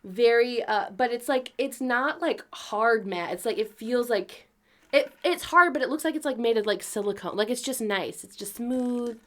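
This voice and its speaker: A woman's voice: on the high side, normal speed, fairly bright tone. A young woman co-hosting a podcast, chatting casually, giggling often and swearing offhandedly. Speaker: podcast co-host. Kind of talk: casual chat.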